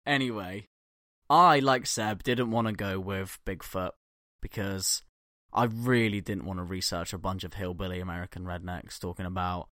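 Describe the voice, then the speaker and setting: A man's voice: on the low side, normal speed, a bit bright, dry recording, studio quality. Swearing, jokey man on a podcast. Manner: profane, jokey, laughs often. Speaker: podcast co-host. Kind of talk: casual podcast banter.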